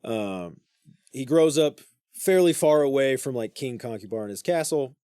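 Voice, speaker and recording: A man co-hosting a podcast, retelling an old myth in casual slang, swearing and putting on quick voices for the characters. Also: mid-range voice, animated, dark tone, clear, resonant tone, dry recording, clean studio sound. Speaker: podcast co-host. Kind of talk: casual storytelling.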